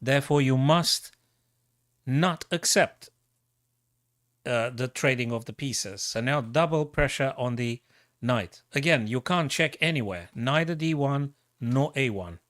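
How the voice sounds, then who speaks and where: Excitable man calling chess moves live. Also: medium pitch, measured pace, no echo, clean studio sound. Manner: thinking aloud, excitable, repeats himself. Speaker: chess streamer.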